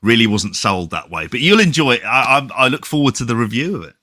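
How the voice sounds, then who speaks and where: A man's voice: mid-range voice, animated, fast talker, sharp tone, no echo, clean studio sound. A man from England co-hosting a podcast, speaking bluntly with wry swearing. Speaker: podcast co-host. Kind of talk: casual chat.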